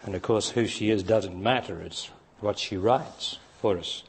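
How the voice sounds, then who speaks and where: A man's voice: lowish voice, unhurried, creaky, breathy edge. An older man with an Australian accent giving a spiritual teaching talk, emphatic and insistent, pushing his voice up to stress his points.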